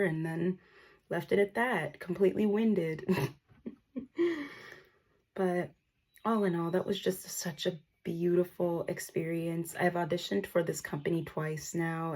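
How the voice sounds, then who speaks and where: A young woman speaks to camera in a casual personal vlog. Her voice is low, gravelly and breathy. She sounds grateful and moved, and at times she holds back tears. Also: a little mellow. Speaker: vlogger.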